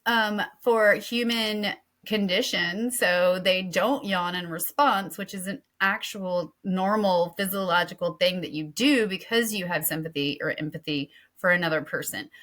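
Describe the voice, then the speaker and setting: A woman's voice: lowish voice, a little slow, hardly any pauses, fairly bright tone. A middle-aged woman co-hosting a podcast in casual chat, talking in a rambling way and often restarting mid-sentence. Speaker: podcast co-host.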